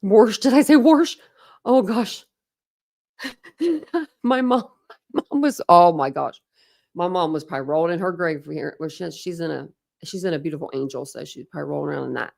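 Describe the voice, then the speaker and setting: Her voice fairly low, creaky and darkish, a young woman hosting a true crime channel talks at normal speed with frequent pauses. She chats with her livestream audience in a rambling way, full of "like"s and restarts.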